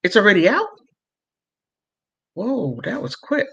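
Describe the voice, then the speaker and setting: A male livestream host with a high, fairly bright, slightly rough voice and some vocal fry reads viewer comments slowly, his pitch swinging widely. He giggles often between remarks and rambles loosely with plenty of fillers, and the audio sounds dull.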